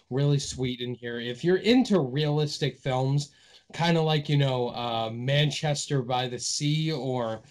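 A young man from Massachusetts co-hosting a film podcast in casual chat, easygoing and quick to laugh. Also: mid-range voice. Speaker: podcast co-host.

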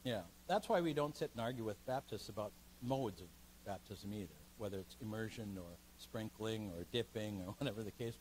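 A man's voice: lowish voice, brisk, slight background noise, poor audio. A man, a pastor, leading a seminar in a church meeting room, teaching emphatically and taking questions. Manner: emphatic, animated teaching that takes listeners' questions.

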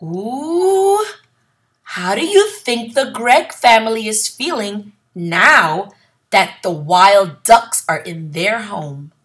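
A woman teacher reading a picture book aloud to children, pausing to ask questions about the illustrations in an expressive storytelling manner. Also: medium pitch. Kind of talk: read-aloud lesson.

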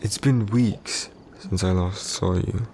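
A man voicing a possessive, jealous warrior husband in a whispered role-play, curt and irritated, speaking low and close. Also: steady tone, takes it slowly, darkish tone, slight background noise. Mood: grudging. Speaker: voice actor in a boyfriend roleplay.

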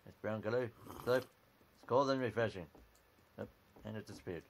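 A man's voice: fairly low pitch, moderate pace, vocal fry. A man giving casual, dry commentary while playing a computer game, reading on-screen text aloud at a desk mic. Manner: offhand, dry, reads out on-screen text, keeps saying "alrighty". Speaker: gameplay video maker.

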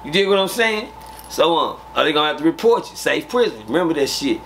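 A man with a Texas accent telling profane, animated prison stories in a casual interview, acting out scenes with sound effects. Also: fairly high pitch, fast, a little hiss or hum.

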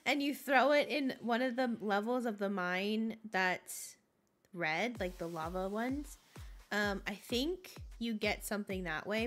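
While playing a farming game on stream, a young woman chats and giggles, easily sidetracked. Her voice is medium in pitch and a bit bright, and the talk is casual livestream chat.

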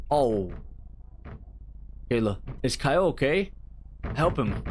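A man doing let's-play commentary on a horror game, cursing constantly and shouting at the characters on screen. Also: a little high, very animated, takes it slowly, pauses often, slight background noise. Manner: profane, loud outbursts, talks to game characters. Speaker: gaming streamer.

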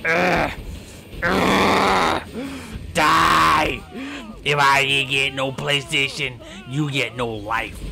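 A man voicing a hot-tempered male brawler who yells and taunts. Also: mid-range voice, extremely slow, creaky, long pauses, soft background music, full character voice. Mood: angry. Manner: yelling, taunting.

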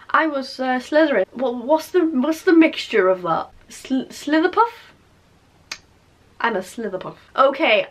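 A young woman vlogging, chatty and animated, with lots of fillers and repeated emphasis. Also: fairly high pitch. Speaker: YouTuber. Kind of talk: casual vlog chat.

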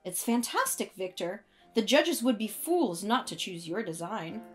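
A woman's voice: medium pitch, big pitch swings, a little slow. A woman voicing a passionate, emotional young male composer in a storybook reading, with piano behind her. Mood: warm. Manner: intense, emotional outbursts.

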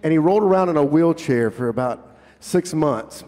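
A man's voice: a little high, lively intonation, normal speed, warm tone. A man, a singer-songwriter, chatting casually and joking with a live audience between songs, swearing freely. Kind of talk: casual stage banter. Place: live concert venue. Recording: live hall reverb with faint guitar.

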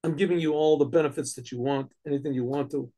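A man playing a gravelly, stern king. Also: steady tone, fast. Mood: earnest. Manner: dramatic, swells from low menace to loud orders. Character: stern commanding king, later gentle.

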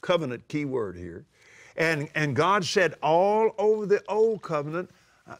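An older man preaching a sermon, emphatic and drawing out scripture quotes slowly. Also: fairly high pitch, animated. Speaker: televangelist preacher. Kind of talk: sermon-style teaching.

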